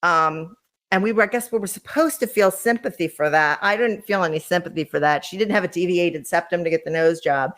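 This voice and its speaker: A woman's voice: on the low side, brisk, a bit bright. A woman hosting a podcast, chatting casually and sarcastically as she gossips about reality TV and talks to her live chat. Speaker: podcast host.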